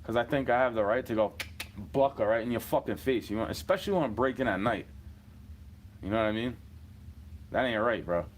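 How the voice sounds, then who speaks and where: A man's voice: medium pitch, expressive, a little fast, pauses often, a little hiss or hum. Rambling profane man from New York. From New York City. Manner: profane, rambling, chuckling between rants. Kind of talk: rambling rant monologue.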